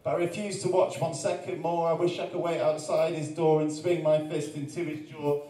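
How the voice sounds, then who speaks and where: A man's voice: a little high, level tone, moderate pace, mellow, distant mic. A man from Wales, a performance poet, reciting rhyming verse at a live arts-centre event, with joking chatty asides between poems. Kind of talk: live spoken-word performance. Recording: echoey room, voice from off the mic.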